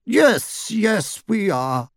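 A man voicing a fussy, cheerful old wizard, bright and a little flustered. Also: sits high, sing-song, extremely slow, creaky, no room sound, clean studio sound, voice pushed up, full character voice.

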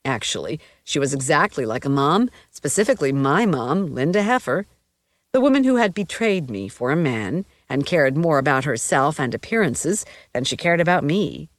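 A woman's voice: low-pitched, sing-song, moderate pace, dry recording. A woman narrating a first-person novel as an audiobook, wry and confiding.

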